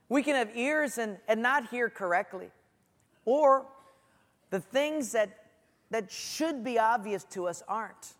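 Middle-aged male preacher, animated storyteller, high voice, echoey hall. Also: unhurried. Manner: storytelling, animated, acts out quotes. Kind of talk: sermon.

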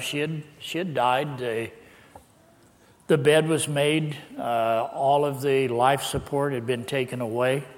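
An older man, a pastor, telling a personal story in a sermon with lively, laughing delivery. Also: mid-range voice. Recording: long hall reverb.

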